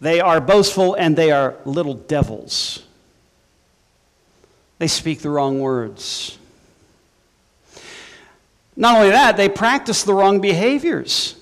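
A man's voice: sits high, expressive, slow pace, pauses often, in a large hall. A male pastor preaching a sermon in a conversational way, with humorous asides to his congregation.

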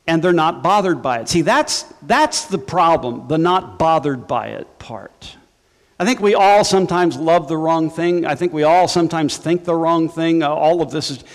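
A man's voice: high voice, in a large hall. A male pastor preaching a sermon in a conversational way, with humorous asides to his congregation.

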